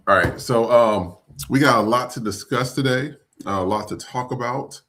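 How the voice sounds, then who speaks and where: A man's voice: medium pitch, normal speed, a bit bright. A man hosting a live podcast stream in a loose, chatty way with many fillers. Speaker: podcast host.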